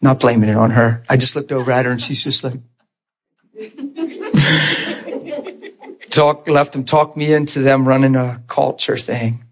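A middle-aged preacher giving a sermon testimony, telling his story in an animated way, acting out voices and laughing often. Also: medium pitch, slow pace, long pauses.

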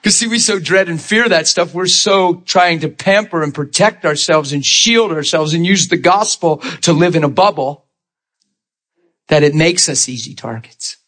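His voice is fairly high and his pace moderate as he preaches a testimony in a chatty, storytelling style. He laughs a lot, puts on voices for the people he quotes, and keeps turning to listeners with questions and asides.

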